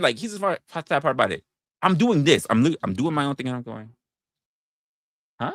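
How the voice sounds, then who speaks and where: A man streaming online in casual chat, venting in an animated way with frequent restarts, swearing freely, and rising to incredulous outbursts. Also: mid-range voice, no room sound, studio quality. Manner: halting restarts.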